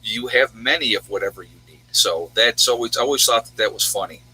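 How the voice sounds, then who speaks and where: This livestream host is a man with a medium-pitched, sharp-toned voice who talks a little fast. He chats casually with viewers, rambling on and reading out their home towns and locations. The recording is rough, with slight background noise.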